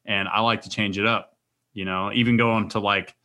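This is a man in easygoing podcast conversation, carrying his stories with rambling energy. His voice sits somewhat low, yet it comes across bright and forceful. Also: moderate pace. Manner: rambling, energetic, animated storytelling. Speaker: podcast co-host. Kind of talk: casual chat.

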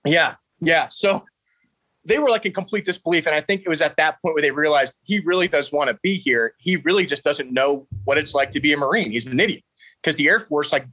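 A man's voice: fairly high pitch, brisk, husky, dry recording, low-quality recording. A man, a podcast guest telling stories animatedly and laughing often. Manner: animated, laughs often, quotes others in raised voice. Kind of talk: casual storytelling.

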